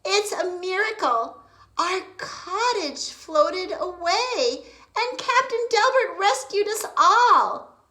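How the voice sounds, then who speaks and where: A fussy, motherly female toad from a picture book exclaims in a high, bright voice, played by a woman. She is kind and quick to fuss. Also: lively intonation, heavily acted. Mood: relieved. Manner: fussing, exclaiming.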